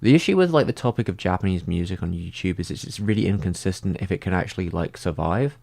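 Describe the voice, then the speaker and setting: A man in a casual livestream, answering viewer comments and thinking out loud, filling his talk with "like" and frequent restarts. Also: low-pitched, expressive, fast, gravelly. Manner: rambling, heavy use of "like".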